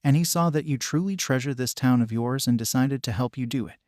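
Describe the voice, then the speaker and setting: A man's voice: mid-range voice, fairly quick, a little mellow, no room sound, studio quality, lightly acted. A man voicing a loyal female fox spirit in human form, speaking steadily.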